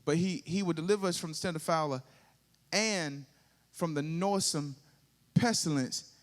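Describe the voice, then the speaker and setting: Preaching at a normal speed, a Southern US pastor with a fairly high male voice leads his congregation in call-and-response. His sermon swells into sung, rising climaxes.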